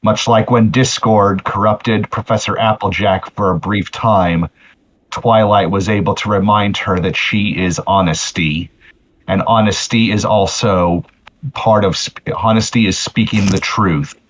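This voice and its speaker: A man's voice: on the low side, fairly even intonation, measured pace. A man voicing an earnest pony healer with a solemn manner who often restarts his phrases, in a tabletop game. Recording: muffled lo-fi audio.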